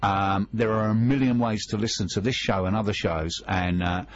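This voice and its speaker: A man's voice: lowish voice, steady tone, moderate pace, no echo, highs cut off. A man co-hosting a radio show in casual chat, reading out tweets and spelling out web addresses.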